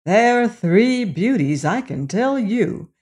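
An eager, lovesick young prince, voiced by a storybook reader, speaks in a raised, earnest tone. His words come slowly and carefully. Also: medium pitch, lively intonation, a little mellow, voice pushed up. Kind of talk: storybook reading.

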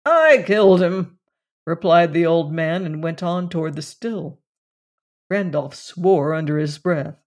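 Audiobook narrator, slow and measured, mid-pitched. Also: steady tone, darkish tone.

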